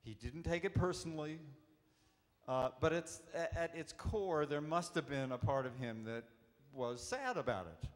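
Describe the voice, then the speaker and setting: Animated male actor telling stories. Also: a little high, normal speed. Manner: warm, animated storyteller acting out quotes. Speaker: actor, panel guest. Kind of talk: storytelling anecdote at a convention panel. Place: convention hall panel. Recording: echoey convention hall.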